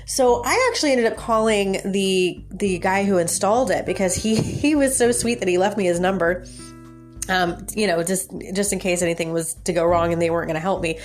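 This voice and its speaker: A woman hosting a podcast, telling a personal story in a casual, animated way and laughing often. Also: medium pitch, brisk, faint music behind. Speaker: podcast host and life coach.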